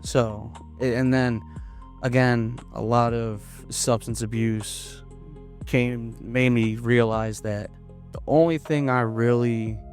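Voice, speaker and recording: A young man from Florida, a comedian guest in a casual interview, talking in a hesitant, halting way with many restarts. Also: on the low side, a little mellow. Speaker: podcast guest, stand-up comedian.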